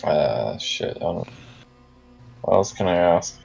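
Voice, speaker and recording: A man's voice: low-pitched, lively intonation, slow, vocal fry, darkish tone, dull audio, soft background music. A man playing a tabletop role-playing game, joking and hesitant, with some swearing. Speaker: player. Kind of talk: casual tabletop game play.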